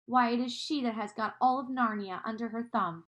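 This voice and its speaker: A guilty, tearful male faun who talks through sobs and groans, as a woman reading aloud puts him on. His voice sits a little high and sounds heavy with sorrow. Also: normal speed, fairly bright tone, lo-fi sound, lightly acted. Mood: sorrowful. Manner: sobbing, sorrowful.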